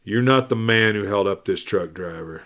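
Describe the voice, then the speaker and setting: A man's voice: on the low side, normal speed, a bit bright. A man playing a stern frontier deputy. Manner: curt, commanding.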